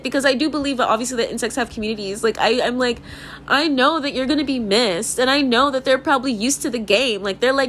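A woman's voice: fast talker, a little hiss or hum. A young woman talking in a rambling, emphatic casual monologue, full of "like" fillers and swearing, sometimes laughing. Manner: animated, laughs and jumps into high mock voices.

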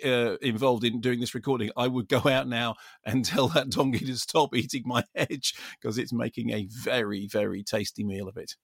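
Male film critic co-host, excitable, stumbling restarts, dead-dry cupboard sound. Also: medium pitch, normal speed, gravelly, few pauses, husky, dry recording. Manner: enthusiastic, stammering restarts, laughs often. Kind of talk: casual chat. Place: shoe cupboard at home.

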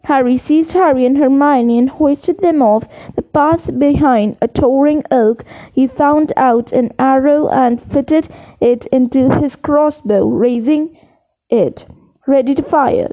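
A woman reading a children's novel aloud in a steady narrating voice, with occasional slips. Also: high-pitched, slow, narrow, tinny audio. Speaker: audiobook reader. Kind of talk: storybook narration.

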